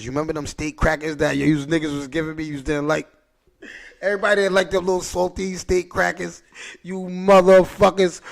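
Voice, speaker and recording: A man hosting a podcast, telling a story in a casual, animated, profane way, with frequent restarts and repeated words. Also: fairly high pitch, vocal fry. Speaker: podcast host.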